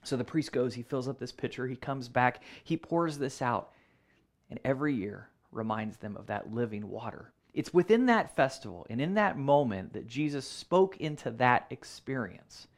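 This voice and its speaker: A man preaching a sermon, earnest, repeating phrases for emphasis and slowing down on key words. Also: mid-range voice, animated. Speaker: pastor.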